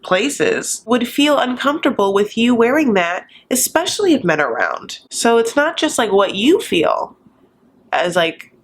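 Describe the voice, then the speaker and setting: A woman's voice: on the high side, big pitch swings, a little slow, slight background noise. A woman hosting a YouTube recap channel, giving casual, sassy commentary full of campy, gossipy asides.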